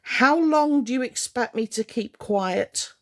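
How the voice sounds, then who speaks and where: A woman's voice: a little high, slow pace, a bit bright. A woman ranting on a live stream to her viewers, indignant and confrontational, hammering her points home by repeating them.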